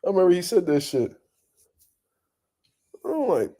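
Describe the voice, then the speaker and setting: A young man hosting boxing talk, ranting bluntly and profanely in a casual, animated way and laughing often. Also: high-pitched, unhurried. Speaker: boxing commentary host.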